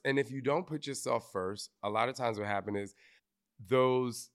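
A man of medium pitch and moderate pace hosts a live podcast recording. He's candid and emotional with his audience, drops casual swears, and is tearful for a brief stretch.

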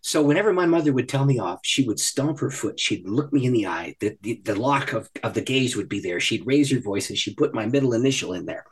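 A man who is a guest on a podcast, telling a personal story in an animated way and laughing often. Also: mid-range voice, brisk, hardly any pauses, husky. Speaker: podcast guest, ministry leader. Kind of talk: storytelling in a conversation. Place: podcast recording.

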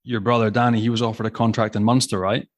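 A man's voice: fairly low pitch, flat delivery, quick pace, no echo. A Scottish man hosting the interview, chatting in a rambling way and laughing easily. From Scotland. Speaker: podcast host. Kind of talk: casual interview chat.

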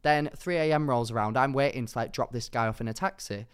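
This young English podcast co-host has a smooth, medium-pitched voice and talks fast. In casual storytelling chat he recounts an anecdote with animation, acting out people's words.

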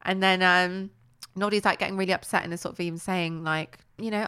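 A woman, chatting casually as a co-host and retelling a cartoon plot with lively, playful put-on voices. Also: brisk, clean tone. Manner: animated storytelling with squeaky put-on character voices. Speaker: podcast co-host.

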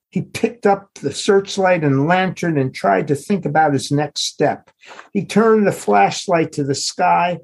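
Slow, husky-voiced man reading fiction. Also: sits high. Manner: measured, unhurried storytelling. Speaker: author reading his novel. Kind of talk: literary reading.

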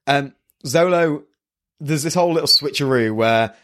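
A man hosting a casual podcast chat, recapping a manga animatedly and often laughing. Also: normal speed. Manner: animated, laughing, acts out characters in higher voices. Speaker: podcast host.

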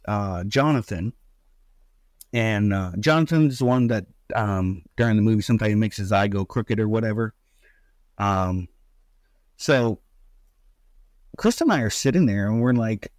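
Middle-aged man, casual animated storyteller, dry sound. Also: no room sound. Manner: animated, acts out quotes with pitch jumps. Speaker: father telling a story.

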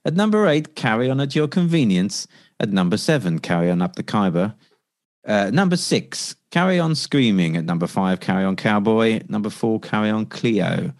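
A man's voice: fairly low pitch, expressive, moderate pace, a little mellow, no room sound, studio quality. A man co-hosting a podcast, chatting casually with a playful manner. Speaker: podcast co-host.

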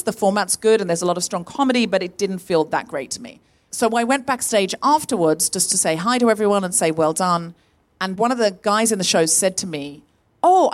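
A woman hosting a live comedy podcast on stage, telling a story with lively energy and acting out the people she quotes. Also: mid-range voice. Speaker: podcast host. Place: on stage in a tent before a live audience.

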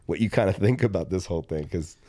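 A man co-hosting a podcast, telling a story in casual chat, animated, acting out dialogue with lots of fillers. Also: low voice, quick pace, no echo, studio quality. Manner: animated, acts out quoted dialogue, frequent fillers. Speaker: podcast co-host.

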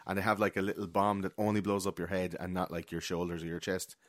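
A man's voice: low-pitched, quick pace, dry recording. A man casually retelling a film plot, acting out the characters and adding sound effects as he goes. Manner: animated storyteller, acts out characters with sound effects; swears casually. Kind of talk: casual podcast chat recapping a film.

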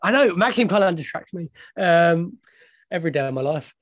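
Guy on a fan podcast, rambly and jokey, a bit high, dry close mic. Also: lively intonation, brisk, no echo. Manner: rambling, jokey, many restarts. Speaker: podcast co-host. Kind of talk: casual fan podcast chat.

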